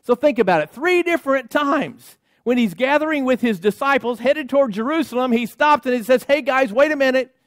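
A man's voice: very high-pitched, expressive, a little fast, few pauses, dry recording, studio quality. A man preaching a sermon as a pastor, speaking emphatically and driving his points home through rhythmic repetition and call-outs to the congregation. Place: church sanctuary.

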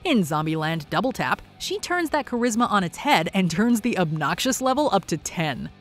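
A woman's voice: mid-range voice, sing-song, moderate pace. A woman narrates a countdown in an upbeat, playful scripted read. Her mid-range voice moves up and down with plenty of life. Faint music plays beneath her. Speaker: countdown host.

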